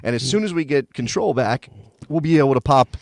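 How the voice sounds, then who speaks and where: A man's voice: mid-range voice, expressive, fairly quick, a little mellow, no echo. An American man co-hosting a podcast, rambling casually with lots of restarts and easy laughter. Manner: rambling, self-interrupting, laughs easily. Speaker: podcast co-host. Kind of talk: casual chat.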